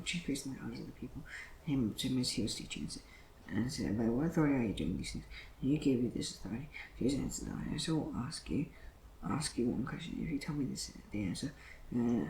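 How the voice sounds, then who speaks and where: A man reading scripture aloud in a plain, steady way, with occasional stumbles and self-corrections. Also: medium pitch, creaky, roomy sound, background noise. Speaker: Bible reader.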